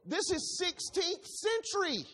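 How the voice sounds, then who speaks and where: In this expository sermon, the preacher's voice sits extremely high, with a sing-song lilt, a measured pace, and a fairly bright tone. Scripture is read aloud and then explained line by line, with strong emphasis throughout.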